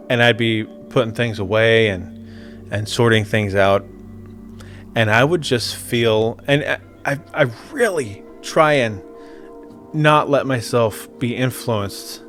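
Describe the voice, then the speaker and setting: A man's voice: mid-range voice, fairly bright tone. A young adult man in casual chat, telling a ghost story with swearing and laughter.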